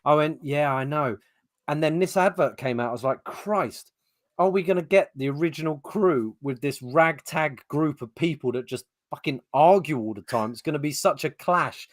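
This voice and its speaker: A man's voice: a little high, moderate pace, no room sound, studio quality. An English man co-hosting a podcast, telling casual stories in a chatty way with the odd swear word. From England. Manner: chatty storyteller, swears freely. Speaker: podcast co-host. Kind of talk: casual chat. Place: podcast setup. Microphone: podcast mic.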